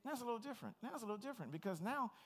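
A man's voice: very high voice, expressive, very fast, breathy edge. A middle-aged man preaching a sermon as pastor, earnest, personal and plain-spoken.

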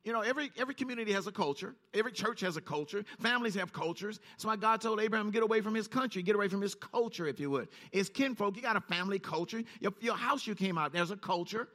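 Speaking fast and hardly pausing, a man preaches by first reading scripture low and even, then rising steeply in pitch to expound on it.

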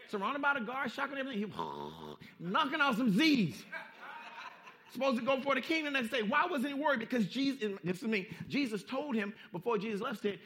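High bright-voiced guy preaching, folksy, keeps repeating lines, goes quiet then loud. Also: expressive, a little fast. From Southern California. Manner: emphatic, repeats phrases for effect, swings from hushed to loud; folksy street-style preaching. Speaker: pastor. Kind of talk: sermon.

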